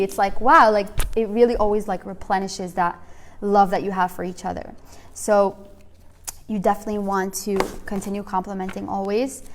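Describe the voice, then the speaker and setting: A woman's voice: mid-range voice, fairly even intonation, a little fast, a little hiss or hum. A young adult woman teaching a women's class in a casual, chatty way, full of "like" and "you know", often acting out little conversations. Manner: chatty, filler-heavy, acts out little dialogues.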